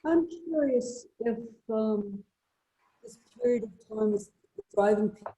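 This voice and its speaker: A woman with a very dark, mellow voice asks the panel a question, pausing and searching for words. Her voice carries a roomy echo. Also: fairly high pitch, animated. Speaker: audience member asking a question. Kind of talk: casual question.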